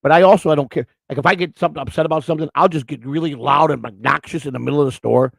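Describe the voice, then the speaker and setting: A man's voice: a little high, very fast, creaky, dry recording, low-quality recording. A middle-aged man hosting, telling rambling stories in a casual, outspoken way with many restarts. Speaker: host. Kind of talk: casual storytelling on camera.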